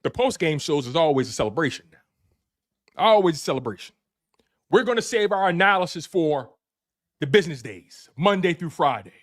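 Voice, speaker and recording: A high, bouncing man's voice with a Philadelphia accent rides the celebration after a win, hyped and slangy and quick to laugh. He circles back on his own phrases and talks straight to his live audience as the show's host. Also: big pitch swings. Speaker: sports show host. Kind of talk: excited live post-game rant.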